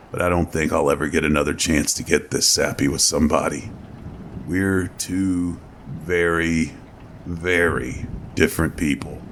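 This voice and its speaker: A man doing a gruff, foul-mouthed soldier friend. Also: very deep voice, a bit bright, a little hiss or hum, heavily acted. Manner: gruff and blunt. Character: blunt, foul-mouthed male soldier, weary best friend.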